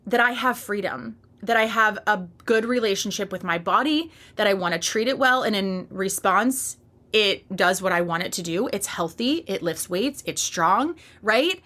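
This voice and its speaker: A woman in her thirties speaks straight to her listeners in a solo podcast monologue. Her voice is bright and forward, and her delivery is emphatic, candid and fired up. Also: medium pitch, animated, moderate pace. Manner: passionate, emphatic, candid with casual swearing. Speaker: podcast host and fitness coach.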